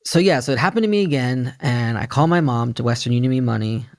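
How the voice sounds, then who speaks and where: A young man telling stories on a podcast in a loose, animated way, full of fillers and acted-out quotes. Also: mid-range voice, fast. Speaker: podcast guest. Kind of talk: casual storytelling about addiction recovery.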